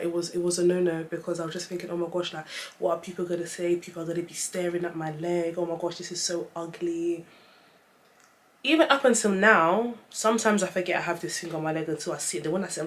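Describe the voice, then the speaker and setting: A woman's voice: lowish voice, slight background noise. Young woman, casual story-time vlog, chatty, emotional. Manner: chatty, emotional, fighting back tears. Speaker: vlogger.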